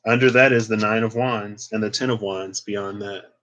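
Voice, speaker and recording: A man's voice: on the low side, steady tone, moderate pace, fairly bright tone, poor audio. Chatty man giving a tarot reading. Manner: chatty, lots of "like" and playful asides. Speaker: tarot reader.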